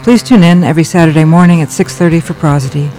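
A woman's voice: low-pitched, quick pace, mellow, soft background music. A woman hosting a literary radio program, introducing readers and closing the show in a polished announcer manner.

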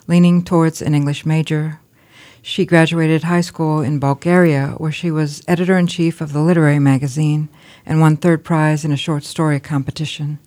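A woman's voice: deep voice, warm tone. A woman hosting a literary radio program, introducing readers and closing the show in a polished announcer manner.

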